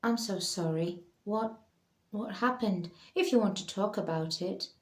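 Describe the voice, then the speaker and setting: A woman's voice: medium pitch, measured pace, close to an everyday voice. Woman doing an earnest, worried young woman. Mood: concerned. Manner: concerned, earnest. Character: caring young woman student, anxious. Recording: roomy echo.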